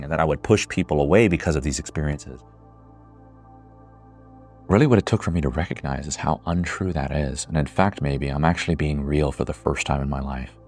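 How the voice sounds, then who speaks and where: A man in his twenties giving an earnest, reflective monologue, swearing casually at times. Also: very deep voice. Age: 20s. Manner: earnest, builds to emotional intensity. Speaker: speaker.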